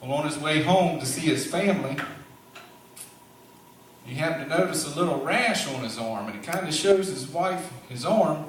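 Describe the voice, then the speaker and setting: A man's voice: on the high side, animated, moderate pace, a little hiss or hum. A man narrating a Bible story at a church play, in a homespun, drawling way with preacher-like asides. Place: large church sanctuary. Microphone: far camera. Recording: very echoey hall, recorded from far off.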